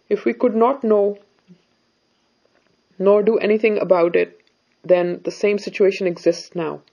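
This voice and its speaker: A woman voicing a serious, devout middle-aged husband who calmly consoles his wife about faith. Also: medium pitch, highs cut off, natural voice. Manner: calm, consoling, preaching.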